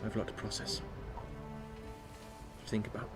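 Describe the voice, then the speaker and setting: A man's voice: normal speed, over music, close to an everyday voice. A man voicing a bitter, sardonic young woman bard in a tabletop role-play, talking dry and cutting.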